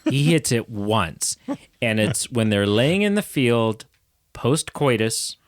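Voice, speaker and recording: A man co-hosting a movie podcast, talking emphatically in quick, jokey casual banter. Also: medium pitch, big pitch swings, no room sound, clean studio sound. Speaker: podcast co-host. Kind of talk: casual movie review chat.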